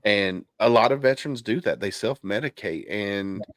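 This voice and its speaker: A man's voice: on the low side, expressive, normal speed, no echo, studio quality. A man hosting a casual podcast chat, candid and loose, with plenty of restarts and fillers. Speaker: podcast host. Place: home basement.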